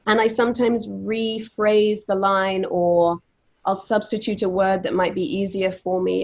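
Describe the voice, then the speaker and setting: A woman who stutters at times, telling stories in a lively way while moderating a panel on a video call. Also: medium pitch. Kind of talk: casual conversation on a video panel.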